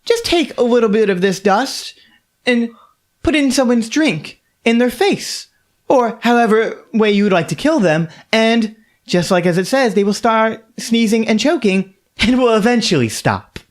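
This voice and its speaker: A man voicing a female auctioneer at a ball of criminals and monsters, with bright, showy sales patter. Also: extremely high pitch, lively intonation, normal speed, voice pushed up. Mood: cheerfully sinister.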